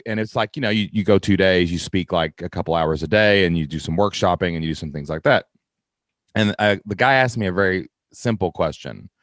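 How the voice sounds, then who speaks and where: A man from Kentucky hosting a podcast, chatty and quick to laugh, full of "like" and "right?". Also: low-pitched, a bit bright, no room sound. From Kentucky, USA. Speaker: podcast host. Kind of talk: podcast interview.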